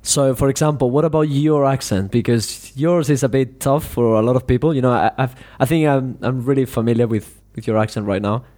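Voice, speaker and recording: A man's voice: medium pitch, brisk, hardly any pauses, darkish tone. A male podcast host, a native Spanish speaker talking in English, asking long friendly questions full of fillers. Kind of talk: casual interview.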